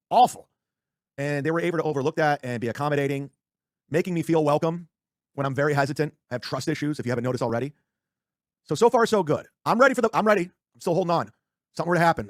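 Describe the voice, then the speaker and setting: A man on a livestream talks fast in a slightly high voice. He rambles and swears, restarting sentences as he goes. The sound is dry and close. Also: dry recording. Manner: rambling, profane, self-interrupting. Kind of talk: casual livestream rant.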